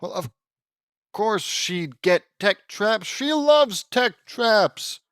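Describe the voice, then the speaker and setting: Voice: medium pitch, lively intonation, extremely slow, a bit bright, no room sound, clean studio sound. A fan fiction audiobook reader breaking off into rambling, exasperated commentary with frequent restarts. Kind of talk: casual reading with commentary.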